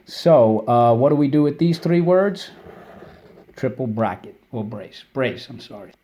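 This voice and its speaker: A man with a mid-range, dark voice and lively intonation walks children through spelling and vocabulary. Patient in his explanations, he drills the words with call-and-response and offers quick praise.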